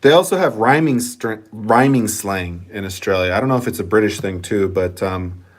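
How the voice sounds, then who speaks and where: The channel host, a man with a fairly low, animated voice, talks at a moderate pace. He chats casually in his vlog, reading viewer comments and rambling in a laid-back way while swearing freely.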